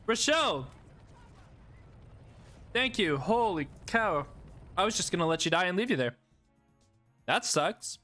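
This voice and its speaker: A man casually commentating his gameplay, excitable, often laughing and yelping at what happens on screen. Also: sits high, unhurried, long pauses, soft background music. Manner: excitable, laughs and yelps at the game. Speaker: gaming YouTuber.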